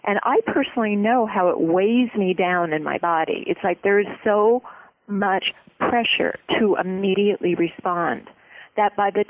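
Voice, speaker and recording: A guest expert giving relationship advice in an interview, explaining in an earnest, steady way. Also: medium pitch, no echo. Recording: tinny phone-like line.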